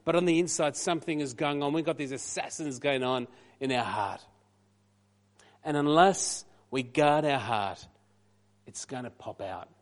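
Male preacher, high pitch, animated sermon delivery with quiet asides. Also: measured pace. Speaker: pastor.

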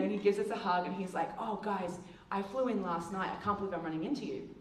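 A woman giving a presentation with slides, telling stories lively and acting out the voices of the people she quotes. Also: mid-range voice, fast talker. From Australia. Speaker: missions speaker. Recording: echoey room, distant mic, faint ambience.

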